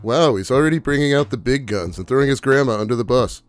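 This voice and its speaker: A man at a middle pitch reads online posts aloud and drops deadpan, sarcastic remarks between them. Faint music plays quietly beneath his voice. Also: fast talker. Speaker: channel host reading posts. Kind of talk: reading posts aloud with dry commentary.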